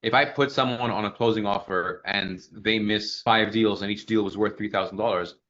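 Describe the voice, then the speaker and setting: A man in his thirties, a sales coach giving casual feedback, who talks fast and animatedly and acts out sample questions. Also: fairly low pitch, fairly even intonation, a bit bright, muffled recording, a little hiss or hum.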